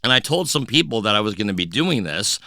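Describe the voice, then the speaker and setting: A middle-aged man, a DJ guest on a podcast, telling stories in a casual, animated way and acting out the voices of the people in them. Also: lowish voice, fast, no room sound, clean studio sound. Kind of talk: casual storytelling interview.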